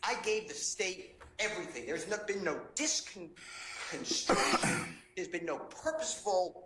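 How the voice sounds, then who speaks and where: A man's voice: high voice, animated, normal speed. An indignant, impassioned man in his fifties argues as a defense attorney before the judge. His voice rings through an echoey courtroom, with faint noise underneath. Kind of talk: courtroom argument.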